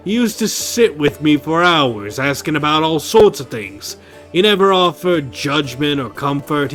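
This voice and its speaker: A man reading aloud as a gloomy, guilt-ridden disgraced male crusader in a video game, in a weary, heavy tone. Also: fairly high pitch.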